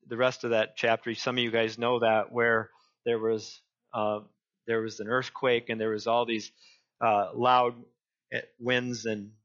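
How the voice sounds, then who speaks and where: A male pastor preaching a sermon, deliberate and often repeating and restarting his phrases. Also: medium pitch, a bit bright, highs cut off.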